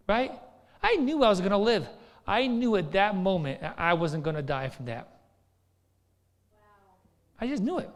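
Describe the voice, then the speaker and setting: A male pastor with a high-sitting voice preaches a sermon in a relaxed, conversational storytelling style, his pitch swinging widely. He speaks unhurriedly with long pauses, often checking in with listeners and tossing in "right?" The recording carries a long hall reverb.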